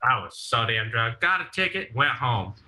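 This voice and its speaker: Bright-voiced young man telling wild stories. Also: mid-range voice, big pitch swings, moderate pace, poor audio. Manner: profane, laughing storyteller acting out quotes. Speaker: podcast guest. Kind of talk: casual storytelling.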